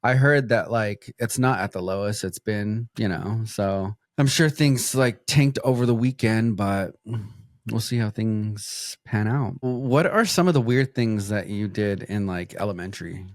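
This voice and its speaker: A man's voice: lowish voice, measured pace, no echo, clean studio sound. A man co-hosting a podcast in casual chat, often laughing as he tells stories. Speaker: podcast co-host.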